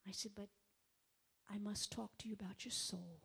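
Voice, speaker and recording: A middle-aged woman giving an emotional testimony in a sermon, swinging from loud outbursts to hushed whispers and speaking directly to her listeners. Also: mid-range voice, moderate pace, vocal fry, long pauses, husky. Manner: repeats herself, addresses the audience directly.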